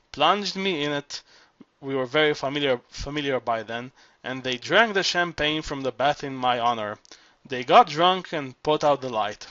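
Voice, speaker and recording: A man reading the part of an old cabaret singer who loves her own legend, boasting with theatrical self-pity. The voice is bright and a little pressed, and the recording is dull and dry. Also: mid-range voice, no echo. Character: aging former cabaret singer, vain, flirtatious, self-pitying woman.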